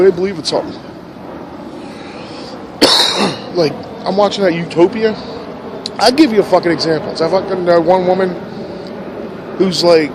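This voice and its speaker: A rambling, foul-mouthed man with a voice that sits a touch high for a man. He slides from low grumbles up to loud rants. He is recorded outdoors in a park, with passing cars and street noise clearly heard behind him. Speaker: vlogger. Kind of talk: rambling monologue. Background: passing cars and outdoor ambience.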